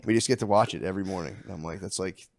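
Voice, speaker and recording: A man in his thirties co-hosting a podcast, chatting casually and telling animated stories, acting out his kids in high squeals. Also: rapid-fire, creaky, no echo, clean studio sound. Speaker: podcast co-host. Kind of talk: casual chat.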